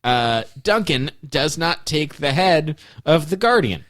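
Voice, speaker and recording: Guy on a movie podcast, kinda high voice, bounces all over, laughs a lot, swears. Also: slow pace. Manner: animated, laughing, swears freely. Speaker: podcast co-host. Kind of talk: casual movie-review banter.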